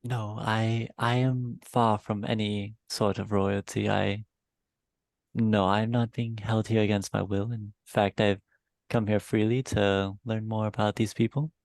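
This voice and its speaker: A man voicing a polite, formal young gentleman who speaks courteously in an online tabletop game. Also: lowish voice, little pitch movement, unhurried, gravelly, no echo. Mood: protesting. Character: polite well-spoken young man, denying being royalty.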